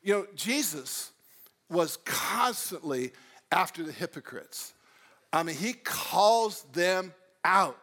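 Male pastor, sermon, high voice, animated delivery, loud peaks and hushed stretches. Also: slow. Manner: animated preaching, swings between loud emphasis and quiet storytelling.

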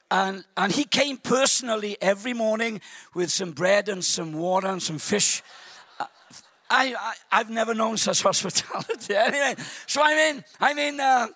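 A male preacher delivers a lively, joke-filled sermon to a church congregation. His voice is bright and slightly husky, and the recording is dry and close. He stammers and restarts as he gets carried along by his story. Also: high voice, no room sound. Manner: animated, jokey, stammering restarts. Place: church service.

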